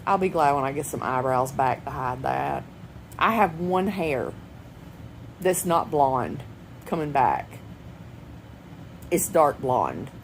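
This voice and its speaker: A woman's voice: very deep voice, lively intonation, slow, gravelly, pauses often, slight background noise, low-quality recording. A woman, rambling chattily and laughing often in a personal home vlog. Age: 40s. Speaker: vlogger. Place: at home indoors.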